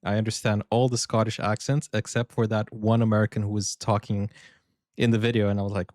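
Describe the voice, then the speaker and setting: A man's voice: on the low side, steady tone, brisk, a little mellow, no room sound, clean studio sound. A man hosting a sports reaction video, joking around and laughing often in casual commentary. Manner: joking, laughs often, explains his banter.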